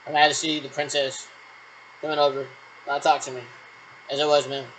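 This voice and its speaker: Fairly high-pitched, level in tone, brisk and a bit bright, a vlogger's voice comes through a rough recording with a little hiss or hum. He rambles through a solo role-play of radio checks with imagined callers, repeating "actually" again and again.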